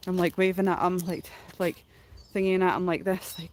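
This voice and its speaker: A woman's voice: fairly low pitch, little pitch movement, moderate pace, a little hiss or hum. A middle-aged woman, casually retelling a story on a livestream in a rambling way full of fillers, likes and ums. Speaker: streamer.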